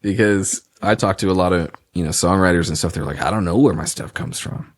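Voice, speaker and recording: A man who is a guest on a podcast, chatting in a friendly, relaxed way and often saying "man" and "you know.". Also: deep voice, a little fast, dry recording, clean studio sound. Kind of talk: casual conversation.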